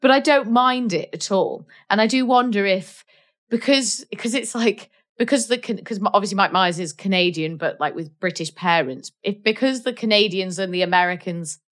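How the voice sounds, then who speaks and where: A woman's voice: mid-range voice, moderate pace, fairly bright tone. A Welsh woman co-hosting a casual film chat, chatty with many fillers and restarts. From Wales. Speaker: podcast co-host.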